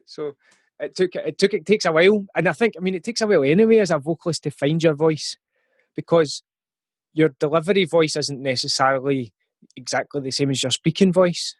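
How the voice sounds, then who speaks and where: A Scottish man in his forties, a guest on a podcast, answers in a reflective, thinking-aloud way with frequent pauses and fillers. His voice sits a touch higher than most men's. The sound is dry and close, with no room echo. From Scotland. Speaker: guest rapper. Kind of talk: podcast interview.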